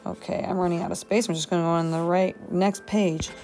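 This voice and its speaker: A woman's voice: on the low side, steady tone, fairly quick, a little mellow, soft background music. A woman teacher thinking aloud as she writes a journal entry for her students, musing and talking to herself. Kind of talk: thinking aloud while writing a journal demo.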